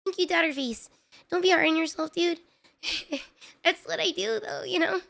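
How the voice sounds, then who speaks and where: A woman's voice: extremely high pitch, moderate pace, gravelly, fairly bright tone. A woman streamer chatting casually to her viewers, rambling with lots of filler words and putting herself down, audibly frustrated. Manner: rambling, filler-heavy, self-deprecating. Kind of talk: casual live-stream chat.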